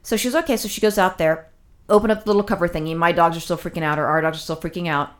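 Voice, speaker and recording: A woman with a somewhat low voice talks at a rapid clip, spilling out a personal story in loose casual chat. She rambles, doubles back and fills gaps with "you know" as the feeling builds. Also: fairly even intonation. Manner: rambling, with many fillers and restarts; emotional, recounting distress.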